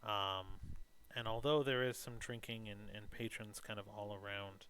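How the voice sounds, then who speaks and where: A man's voice: on the low side, steady tone, moderate pace, fairly bright tone, clear, resonant tone. A man running a tabletop game as game master, narrating in a laid-back way with many ums.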